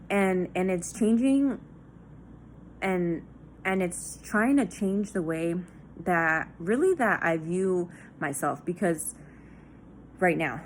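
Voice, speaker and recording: A woman's voice: fairly low pitch, slight background noise. A young woman talking candidly in a personal diary vlog, raw and confessional, swearing often and full of fillers. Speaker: vlogger.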